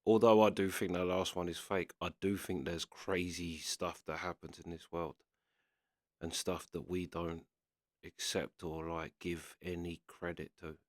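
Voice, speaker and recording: A man's voice: deep voice, level tone, unhurried, no room sound, studio quality. A man, a reaction video host, casually retelling a friend's story and quoting him with constant "he's like".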